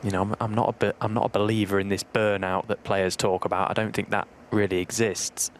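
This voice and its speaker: A former player turned co-commentator, he breaks down the play in a measured, analytical way. His voice sits a little low. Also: level tone, slight background noise. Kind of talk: live sports commentary.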